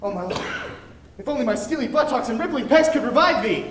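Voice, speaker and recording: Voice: medium pitch, expressive, fast talker, lightly acted. A stage performer playing a vain, muscle-proud young male suitor with a boastful, mock-heroic delivery. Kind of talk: amateur stage comedy. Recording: noisy, echoey stage recording.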